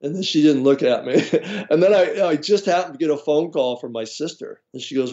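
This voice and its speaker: Speaking fairly quickly with hardly any pauses, a man with a slightly high voice appears as a guest herbalist and recounts a personal story. He laughs a lot and performs the voices of people he quotes, all in lo-fi audio.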